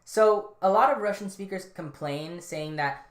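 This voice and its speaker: A woman's voice: fairly low pitch, very animated, a little slow, few pauses. A woman hosting a casual solo podcast, rambling and offhand with lots of fillers and restarts. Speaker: podcast host. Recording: roomy, echoey room.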